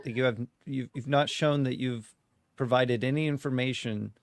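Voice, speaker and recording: A man's voice: medium pitch, steady tone, normal speed, smooth, dry recording. Blunt man pressing a caller, dry sound. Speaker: host. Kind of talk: debate, challenging a caller.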